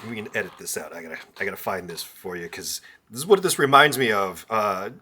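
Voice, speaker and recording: A man co-hosts a casual podcast, reacting with playful, curious questions. His pitch moves up and down a lot. His voice has a bright edge. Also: lively intonation, fast, slight background noise. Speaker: podcast co-host. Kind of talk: casual chat.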